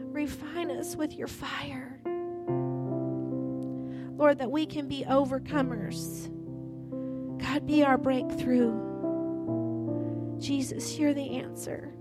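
Slow, emphatic woman preacher. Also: high-pitched. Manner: slow and emphatic, turning hushed and prayerful. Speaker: pastor. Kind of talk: sermon and altar prayer.

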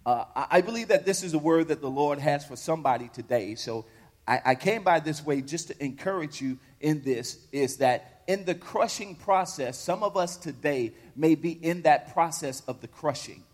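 A man's voice: on the high side, lively intonation, normal speed. A male pastor preaching a sermon, repeating phrases and rising to fervor. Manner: call-and-response preaching, repetitive, rising to fervor. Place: church sanctuary. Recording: long reverb of a large hall.

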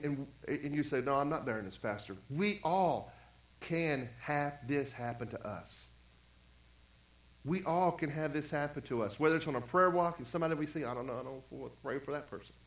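A man's voice: high voice, a bit bright, reverberant, rough recording. A man pastor preaching a conversational sermon, acting out quotes and repeating phrases. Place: church.

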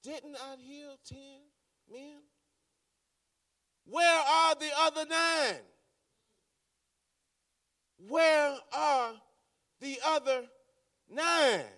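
A man's voice: very high-pitched, very slow, long pauses, sharp tone, pitched above the performer's own voice, exaggerated voice. A man voicing Jesus as a stern grown man who asks questions again and again, picked up from a distance. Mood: stern questioning. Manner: repeats questions with rising force.

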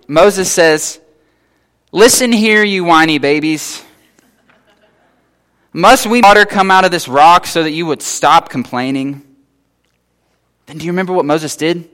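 Guy preaching a sermon, kinda high voice, chatty, acts out the bible characters. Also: fairly bright tone. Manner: conversational, acts out biblical figures in casual voices. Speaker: pastor.

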